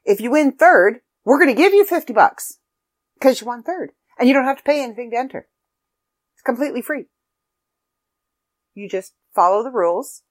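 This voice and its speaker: Her pitch moves freely between low and high as this chatty middle-aged Canadian woman casually announces a writing contest. She's a magazine editor promoting the contest, tossing in quick, emphatic, self-deprecating asides.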